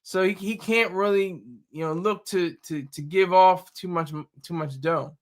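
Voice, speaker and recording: A man in casual chat who talks excitably and often stumbles into restarts and repeated words. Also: high voice, a little slow.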